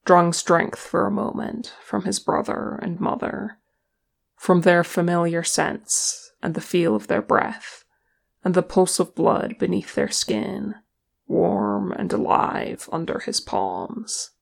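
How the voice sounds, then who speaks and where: Slow calm audiobook narrator, fan fic reading, super gravelly fry. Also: medium pitch. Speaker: audiobook reader.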